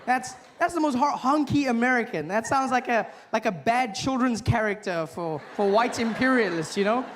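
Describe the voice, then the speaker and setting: A man in his thirties with a very high voice performs stand-up at a moderate pace, acting out voices in animated storytelling for a live audience. The stage has a big-room sound, plus a little hiss or hum.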